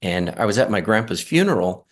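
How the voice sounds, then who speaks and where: A middle-aged man with a somewhat low voice recounts his experience in a casual, earnest way. He pauses often, restarts his sentences and fills the gaps with ums and uhs. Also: sing-song. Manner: earnest, halting, many fillers and restarts. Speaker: near-death experience guest. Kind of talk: casual storytelling.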